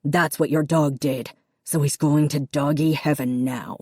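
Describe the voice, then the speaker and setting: A stern, wealthy father who snaps out short, dismissive lines, as a woman narrator reads him. The voice sits low and dark, and the recording is dry and close. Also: steady tone, measured pace, breathy edge, no room sound, full character voice. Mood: harsh. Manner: curt, snapping, dismissive. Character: harsh stern wealthy father, middle-aged man. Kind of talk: audiobook character reading.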